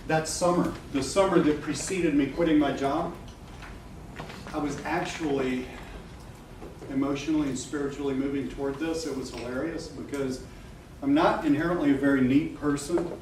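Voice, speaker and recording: A middle-aged man with a fairly high voice talks casually to a live audience, joking, swearing and laughing as he goes. He is picked up from a distance in an echoey room. Background noise runs under his voice. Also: fairly even intonation, normal speed. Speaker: webinar presenter.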